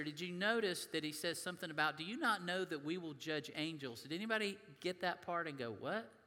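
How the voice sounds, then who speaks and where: Preacher with a bright voice. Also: male voice, high voice, long reverb tail. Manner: conversational preaching, reads scripture aloud. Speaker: pastor. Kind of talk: sermon. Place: church sanctuary.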